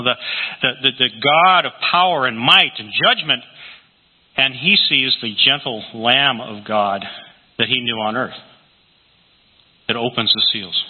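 Husky preacher in a tinny hall recording. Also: male voice, medium pitch, a little slow. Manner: animated storytelling, acting out scripture quotes. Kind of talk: sermon.

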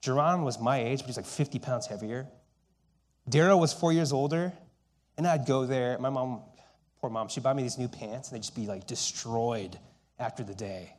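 Storytelling pastor with a mid-range voice. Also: male voice, mid-range voice, normal speed. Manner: storytelling, shifts between loud and hushed. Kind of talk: sermon.

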